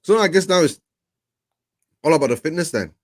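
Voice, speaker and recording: A man chatting casually over a video call while watching football, relaxed and quick to laugh. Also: on the high side. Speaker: guest co-watcher.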